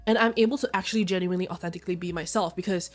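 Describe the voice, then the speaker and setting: A young woman streaming, talking casually and candidly, swearing freely and breaking into excited shrill outbursts. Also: racing. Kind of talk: casual chat.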